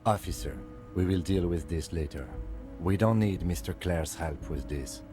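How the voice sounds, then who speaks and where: An actor playing a calm, stern male police lieutenant in a game, curt and composed. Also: sits low, normal speed, over music, lightly acted. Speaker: game character voice.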